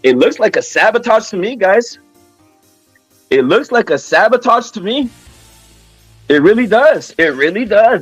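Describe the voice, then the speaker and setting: A man's voice: high-pitched, no echo. A man hosting a casual boxing rant, profane, repetitive and heated. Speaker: boxing commentary channel host.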